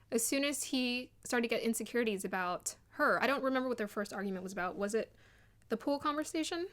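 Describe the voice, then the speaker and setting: A young woman giving casual, animated commentary on a dating show, acting out quotes in an excited voice. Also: on the high side, quick pace. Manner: chatty and animated, mimics people in quotes.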